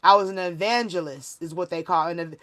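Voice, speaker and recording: A woman's voice: on the low side, a little fast. Emphatic woman preaching on a livestream. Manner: animated, emphatic, preachy, rambling. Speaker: spiritual reader and livestream host. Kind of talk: casual livestream talk.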